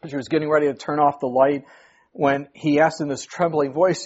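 Husky, emphatic male preacher. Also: fairly high pitch, steady tone, normal speed, darkish tone. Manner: emphatic, rising sharply to stress points. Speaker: pastor. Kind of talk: sermon. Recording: muffled lo-fi recording.

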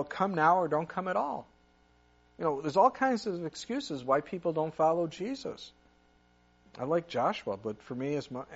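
A male pastor preaching a conversational sermon and reading scripture aloud, with his voice growing loud when he acts out cries for help. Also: a little high, husky, lo-fi sound.

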